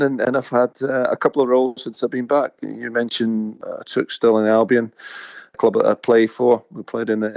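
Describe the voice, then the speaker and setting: A man's voice: mid-range voice, creaky, a little mellow, dry recording. A man in his forties with a Scottish-tinged Australian accent, telling his story as a podcast guest in a friendly, thoughtful way. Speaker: guest football coach. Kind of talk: casual podcast interview. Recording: slightly dull lo-fi audio.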